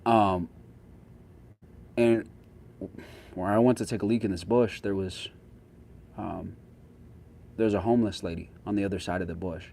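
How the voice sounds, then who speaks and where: A man's voice: lowish voice, fairly even intonation, moderate pace, creaky, pauses often, dark tone, a little hiss or hum. A young man chatting casually with his viewers as a social media creator, in a slangy, laid-back way.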